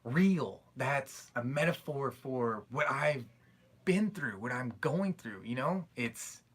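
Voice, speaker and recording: A young man chatting casually on a live stream, reading out viewer questions and answering with loose, rambling replies and quick apologies. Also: mid-range voice, animated, husky. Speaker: YouTube creator answering live chat questions.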